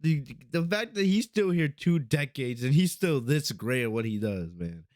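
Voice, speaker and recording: A man's voice: a little high, lively intonation, normal speed, darkish tone, dry recording, studio quality. A man hosting a podcast, casually reviewing a show, laughing often and repeating lines he likes. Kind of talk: casual review with replayed clips.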